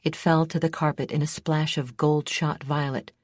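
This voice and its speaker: A woman reading a fantasy audiobook in a measured, steady storytelling manner. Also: sits low, dry recording, clean studio sound. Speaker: audiobook narrator. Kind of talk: scripted narration.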